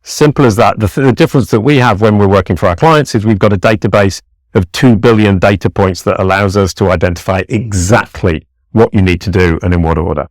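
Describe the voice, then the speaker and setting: A man's voice: on the low side, a little fast, no room sound. A man with a British accent, a podcast guest explaining his ideas in an upbeat, emphatic way. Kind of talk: podcast interview.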